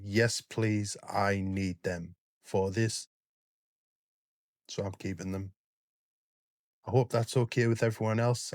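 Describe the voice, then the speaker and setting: A British man talking straight to his viewers in a low, unhurried voice. He is gentle and sincere, circling back with fillers and restarts, and the sound is dry and close with no room around it. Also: no room sound. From Britain. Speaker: reaction channel host. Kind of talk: casual talk to camera.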